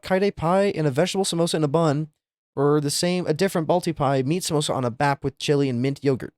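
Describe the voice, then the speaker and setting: A young man streaming live, chatting casually with viewers and reacting to things with loud, incredulous, profane outbursts. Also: a little high, fast talker, no echo, clean studio sound. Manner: incredulous, swearing, exaggerated reactions.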